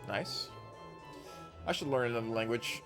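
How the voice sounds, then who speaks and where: A man's voice: mid-range voice, moderate pace, a bit bright, faint music behind. A man streaming a game, reading its text aloud and rambling casually with his chat, correcting himself as he goes.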